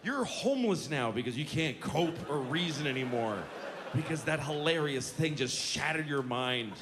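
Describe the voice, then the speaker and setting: A man's voice: on the high side, expressive, moderate pace, noisy background. A male stand-up comedian delivering a profane, sarcastic rant that builds into mock outrage, recorded live at a show. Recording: live club with audience laughter. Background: audience laughing.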